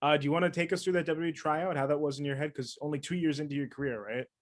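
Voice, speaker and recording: A man's voice: on the high side, steady tone, racing. A man hosting an interview, asking a guest questions and laughing easily. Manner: laughs easily, short reactions. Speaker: interview host.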